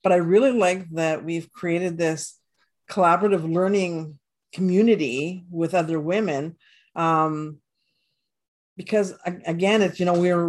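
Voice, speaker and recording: A woman guest on a podcast who answers at length with many fillers and restarts. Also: fairly low pitch. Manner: rambling, frequent fillers and restarts. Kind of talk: casual interview chat.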